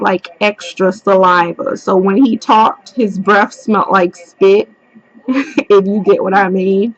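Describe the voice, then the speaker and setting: A young woman tells a personal story at an unhurried, drawn-out pace. She is blunt and swears freely. The recording is dull and lo-fi, with a dry sound and no room echo. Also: a little high. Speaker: vlogger.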